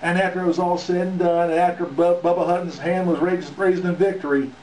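A man plays a gloating wrestling manager, taunting his rivals. His voice sits fairly high. He sounds distant in an echoey room, with faint noise behind him. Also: flat delivery, fairly quick, darkish tone. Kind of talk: wrestling promo.

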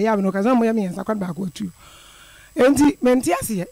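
High gravelly middle-aged male caller. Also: animated, fast talker, darkish tone, dry recording. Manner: earnest, repetitive storytelling. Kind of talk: telling a personal story on call-in radio.

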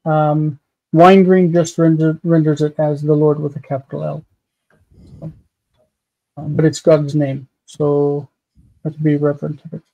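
A man leads a live online grammar class, walking through each word and sound patiently. His voice is warm and mellow and sits a little high. He speaks over a video-call mic. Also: level tone, measured pace, vocal fry, pauses often, muffled recording. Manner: patient, explains pronunciation step by step. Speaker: host teaching biblical Hebrew grammar.

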